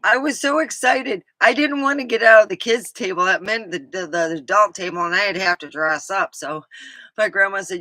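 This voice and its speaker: A woman's voice: mid-range voice, normal speed, sharp tone, dry recording. A woman from California with an English-tinged accent, telling rambling stories with laughs and lots of ums. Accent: English-tinged American. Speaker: vlogger. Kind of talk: casual storytelling.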